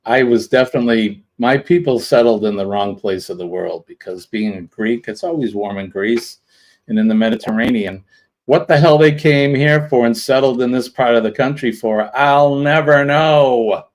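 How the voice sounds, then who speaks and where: A man's voice: mid-range voice, moderate pace. A man hosting a casual livestream, rambling with lots of ums and uhs. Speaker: livestream host. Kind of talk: casual live chat.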